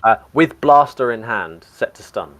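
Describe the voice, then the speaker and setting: A man's voice: mid-range voice, lively intonation, measured pace, fairly bright tone. A man playing a tabletop game, casual and joking, swearing freely. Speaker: player.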